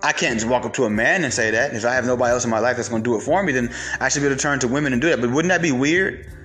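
A man's voice: mid-range voice, racing, a bit bright, soft background music. A man hosting his show in a casual, profane monologue, telling stories animatedly. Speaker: show host.

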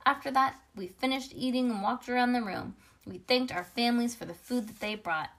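A woman reading a children's chapter book aloud with a lively, expressive delivery and small slips along the way. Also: fairly high pitch, a little fast.

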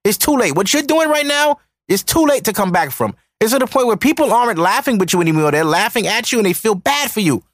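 A man's voice: high-pitched, sing-song, fast, few pauses, fairly bright tone, no room sound. Ranting man on a dry podcast mic. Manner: ranting, profane, repeats points. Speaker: podcast host. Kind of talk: heated commentary.

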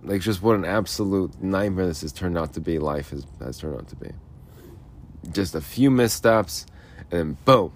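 A man's voice: low voice, moderate pace, darkish tone. A man hosting a solo podcast, rambling and frustrated, mumbling and repeating himself. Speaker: podcast host. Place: Arizona.

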